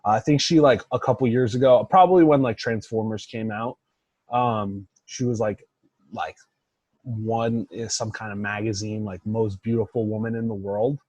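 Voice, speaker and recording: Husky young man chatting on a podcast. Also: fairly low pitch, steady tone, normal speed, darkish tone, no echo. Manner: rambling, many fillers and "like"s. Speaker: podcast co-host. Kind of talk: casual chat.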